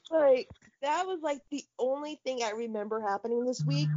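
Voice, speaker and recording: Excitable young woman, muffled dry audio. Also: sits high, a little hiss or hum. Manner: excitable, rambling, quick laughs. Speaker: podcast co-host. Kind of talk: casual chat.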